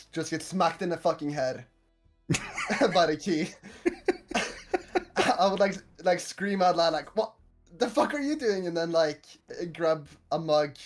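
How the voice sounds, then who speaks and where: A man playing a tabletop game, describing his character's actions with lots of fillers and laughter. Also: a little high. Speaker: player.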